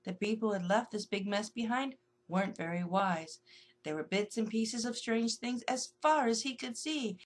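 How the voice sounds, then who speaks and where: A woman's voice: fairly high pitch, animated, normal speed. Sing-song woman reading a rhyming children's story.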